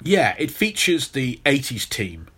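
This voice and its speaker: A man's voice: medium pitch, very animated, measured pace, pushed and bright, husky. Man telling a story on a podcast. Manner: storytelling, many restarts. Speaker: podcast host. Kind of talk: casual podcast chat.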